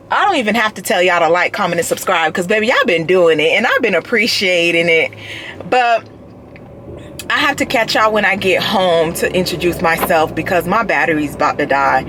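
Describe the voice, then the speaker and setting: A woman's voice: lowish voice, normal speed, a little hiss or hum. Ranting woman in an echoey room. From United States. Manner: expressive, swearing, repetitive ranting. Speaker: vlogger. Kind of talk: casual vlog rant. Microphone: camera mic.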